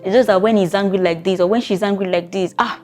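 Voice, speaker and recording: A woman's voice: medium pitch, steady tone, quick pace, darkish tone, faint music behind. Woman giving chatty therapist advice. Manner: conversational, with frequent rhetorical check-ins. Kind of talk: talking-to-camera advice video.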